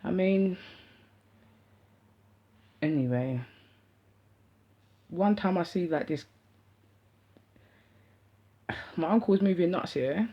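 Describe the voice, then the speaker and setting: Young London woman vlogger, husky and slangy, on a dull lo-fi recording. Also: lowish voice, slow pace, long pauses. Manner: slangy, animated, rambling. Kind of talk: casual storytelling to camera. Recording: dull lo-fi sound.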